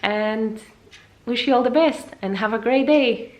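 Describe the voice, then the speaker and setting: A young woman, not a native English speaker, teaching a casual video language lesson in a chatty way, jumping high in pitch to show words. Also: measured pace. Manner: lively, jumps high to demonstrate words, chatty with fillers.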